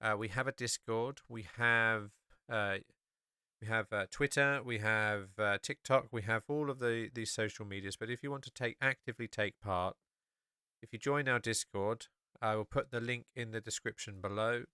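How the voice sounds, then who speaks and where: A man's voice: lowish voice, moderate pace, bright, forceful tone, clean tone, no room sound, studio quality. A man hosting a solo podcast, talking casually and rambling, with many fillers and restarts. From England. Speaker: podcast host.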